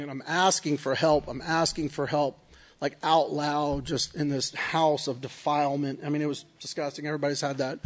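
A man giving a personal recovery testimony in an earnest, confessional way, often checking in with "right?". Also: a little high. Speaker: recovery speaker.

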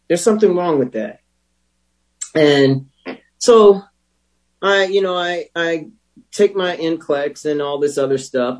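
A man telling his recovery story as a personal testimony, candid and wry, with emotional pauses. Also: fairly high pitch, darkish tone, rough recording. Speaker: speaker sharing a recovery story.

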